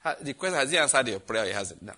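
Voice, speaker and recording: A man's voice: mid-range voice, sing-song, very fast, sharp tone. A man preaching a sermon, reading scripture aloud and asking the congregation questions.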